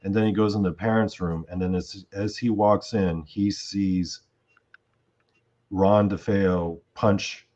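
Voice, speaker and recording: A man's voice: low voice, fairly even intonation, slow pace, a little mellow, muffled recording. A man hosting a podcast, retelling events in a rambling, casual way with lots of fillers. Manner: rambling retelling with many fillers and acted quotes. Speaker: podcast host. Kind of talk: casual storytelling chat.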